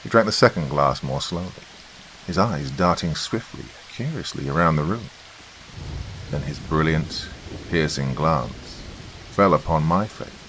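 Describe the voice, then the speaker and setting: Deep-voiced man narrating a horror podcast. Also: a little hiss or hum, poor audio. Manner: expressive, measured storytelling. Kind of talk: dramatic storytelling narration.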